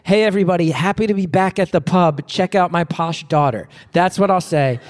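A man's voice: high-pitched, fairly quick, in a large hall. A man hosting a live podcast, chatty and self-deprecating, often restarting his sentences. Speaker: podcast host. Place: live venue before an audience.

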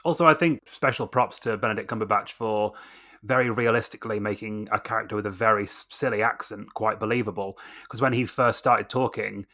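A man chats about films with loose, rambling enthusiasm and plenty of fillers. His voice sits on the low side but sounds bright and forward. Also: a little fast. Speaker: podcast co-host. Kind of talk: casual film review chat.

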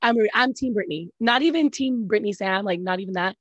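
A woman co-hosting a casual celebrity gossip chat, animated and full of "like", acting out quoted reactions. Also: medium pitch, fairly quick, dry recording, muffled recording. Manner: animated, says "like" a lot, acts out quoted reactions. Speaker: podcast co-host.

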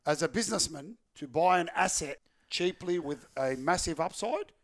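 Brief: male podcast guest, gravelly voice, loud and emphatic, argumentative banter. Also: a little high, expressive, moderate pace. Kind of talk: heated sports banter.

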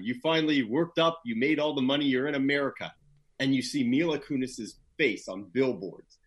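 Husky-voiced man telling stories casually. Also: mid-range voice. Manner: laid-back, animated when telling stories, many "you know" fillers. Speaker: guest, PR professional. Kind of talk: casual interview storytelling.

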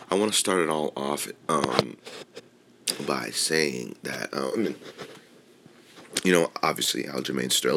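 A man's voice: very deep voice, gravelly, fairly bright tone, slight background noise. A man talking casually as a podcast host, rambling with lots of fillers and swearing freely. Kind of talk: casual opinion talk on mixed martial arts.

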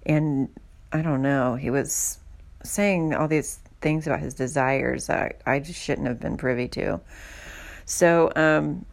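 A woman's voice: sits low, slow pace, gravelly. A woman hosting her own podcast, talking in a candid, rambling and self-deprecating way as a casual monologue. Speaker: podcast host.

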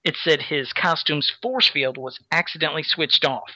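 A man's voice: on the high side, moderate pace, bright, forceful tone, no room sound. A man hosting a casual chat, rambling with many fillers as he recaps a comic and reads its captions aloud. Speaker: podcast host recapping a comic. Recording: dull lo-fi sound.

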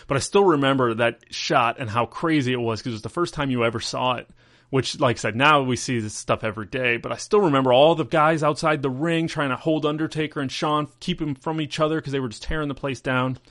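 Brief: male podcast host, mid-pitched, chatty and loose, close and dry. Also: fairly even intonation, brisk, a bit bright, no room sound. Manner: rambling, filler-heavy storytelling. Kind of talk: casual chat.

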